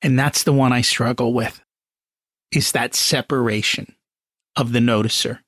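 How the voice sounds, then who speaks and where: A man's voice: mid-range voice, steady tone, measured pace, fairly bright tone, no room sound, clean studio sound. A man hosting a podcast who asks curious follow-up questions. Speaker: podcast host. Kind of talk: interview conversation.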